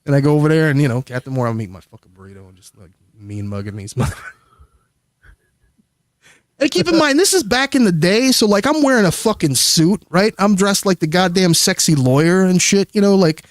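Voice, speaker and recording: A man's voice: high voice, expressive, brisk, no room sound, studio quality. A man casually telling a long, rambling, profane story as a guest on a livestream. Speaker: streamer guest.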